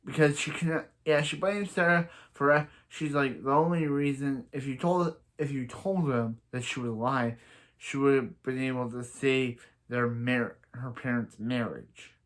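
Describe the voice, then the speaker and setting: In an unhurried, medium-pitched voice, a man reviews a TV episode in a loose, rambling recap. He keeps restarting his sentences and doesn't hold back on blunt opinions.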